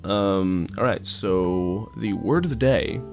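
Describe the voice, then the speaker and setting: A man's voice: low-pitched, slow, darkish tone, faint music behind. A man co-hosting a casual podcast chat, rambling and searching for words, often laughing. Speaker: podcast co-host.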